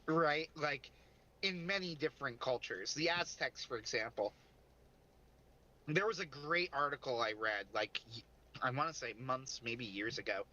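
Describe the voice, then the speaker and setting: A man's voice: medium pitch, animated, normal speed, sharp tone, highs cut off. A man co-hosting a casual livestream chat, rambling and interrupting himself, often breaking into laughs. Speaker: podcast co-host.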